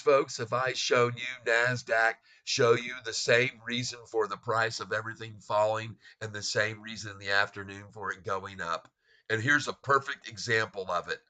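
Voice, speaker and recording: A man hosts a live stock market commentary with a bright, forceful voice. He reads out ticking prices and mocks the short sellers, laughing often. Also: medium pitch. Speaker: stock market livestream host.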